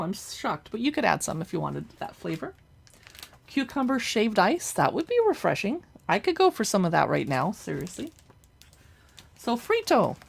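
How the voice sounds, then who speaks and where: A woman's voice: on the high side, gravelly. Chatty woman reading cookbook recipes. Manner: chatty, reads recipe names aloud with reactions. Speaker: cookbook reviewer livestreaming. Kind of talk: casual live cookbook look-through.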